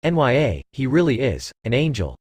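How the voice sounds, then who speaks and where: A man's voice: medium pitch, huge pitch swings, moderate pace, breathy edge, no room sound. A man voicing a playful, flirtatious female cat-demon who teases and purrs. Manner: purring, teasing.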